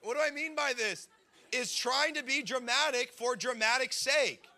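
Guy in his 30s preaching, high voice, bright and punchy, tells funny stories. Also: normal speed. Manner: storytelling, animated, acts out quotes. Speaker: pastor. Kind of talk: sermon.

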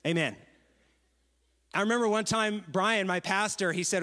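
A man in his thirties preaching a lively sermon, telling stories and asking the congregation questions. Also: high voice, normal speed, long reverb tail. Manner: lively, storytelling, asks the crowd questions. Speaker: pastor.

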